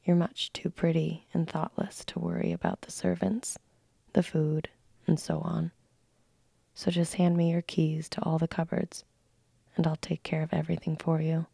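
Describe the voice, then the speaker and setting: A woman voicing a stern, bossy sister-in-law in a whispered role-play, firm and commanding, with a dark, husky tone. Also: sits low, little pitch movement, moderate pace, dry recording, exaggerated voice.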